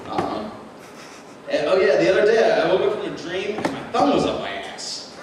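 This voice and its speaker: A man's voice: high voice, normal speed. A young man doing open-mic stand-up comedy, rambling and self-deprecating, often laughing at his own jokes. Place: small club with live audience. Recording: echoey room recorded from a distance, noisy.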